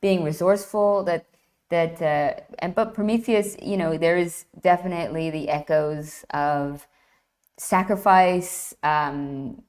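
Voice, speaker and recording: A woman guest retelling an ancient myth in lively, enthusiastic conversation, often restarting her phrases. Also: lowish voice, takes it slowly. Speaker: guest, classics writer. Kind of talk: animated myth storytelling in conversation.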